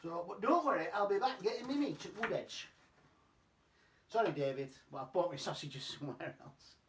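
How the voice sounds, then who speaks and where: This man's high voice is animated and moves at a normal speed as he casually narrates a cooking demo in his home kitchen. Talkative and self-deprecating, he curses without hesitation, while the audio carries slight background noise and a roomy, far-off kitchen quality.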